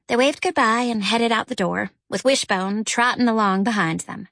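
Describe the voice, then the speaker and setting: Higher-voiced woman reading a story aloud. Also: normal speed, gravelly, hardly any pauses, dry recording. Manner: gentle storytelling, lifts pitch for characters' lines. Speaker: audiobook narrator. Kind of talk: scripted narration.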